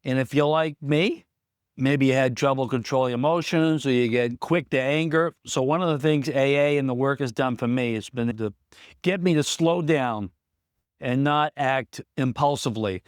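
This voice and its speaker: A man's voice: mid-range voice, normal speed, smooth, dry recording, clean studio sound. A man who runs a small business, telling a candid personal story in a vlog, plain-spoken and reflective. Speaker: small business owner in recovery.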